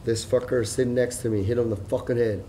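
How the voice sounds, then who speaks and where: A man's voice: fast talker, a little hiss or hum. Profane, rambling middle-aged man. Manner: profane, repetitive and excitable, swinging between loud outbursts and low mutters. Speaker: vlogger. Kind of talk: rambling personal monologue.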